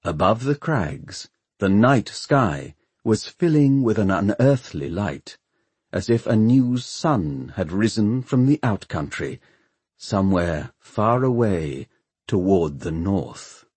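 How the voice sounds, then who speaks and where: Man, audiobook narrator, low, husky, lively pitch, dry close recording. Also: no room sound. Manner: measured, expressive storytelling. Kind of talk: scripted narration.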